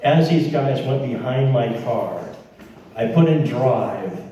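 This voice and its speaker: A man's voice: medium pitch, animated, slow pace, warm tone, highs cut off, a little hiss or hum. A man telling an audience a dramatic personal story, acting out the dialogue and talking straight to the listeners. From American Midwest. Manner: dramatic retelling with quoted dialogue and asides. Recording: echoey room, voice from far off.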